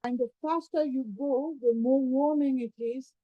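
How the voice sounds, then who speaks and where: A woman leads a yoga class with a high, light voice. She talks students calmly through each breath and movement while demonstrating. The sound is a little dull and lo-fi. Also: measured pace. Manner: calm, step-by-step guiding, demonstrating while talking. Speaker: yoga teacher. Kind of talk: guided yoga class instruction.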